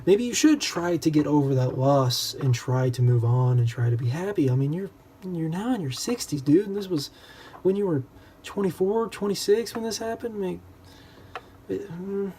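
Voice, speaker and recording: A man's voice: high voice, animated, moderate pace, warm tone, slight background noise. A young man in a casual, rambling book discussion, full of self-deprecating asides. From United States.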